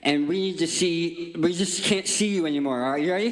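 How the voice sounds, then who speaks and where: A man preaching an interactive sermon on stage, playful and energetic as he directs a volunteer. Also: fairly high pitch, a little fast. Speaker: guest speaker. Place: large church hall. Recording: echoey church hall.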